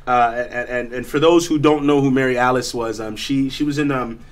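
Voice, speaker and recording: A man's voice: medium pitch, steady tone, brisk. A man from South Africa, a guest actor telling stories in a casual studio chat, laid-back and slangy with many fillers and restarts.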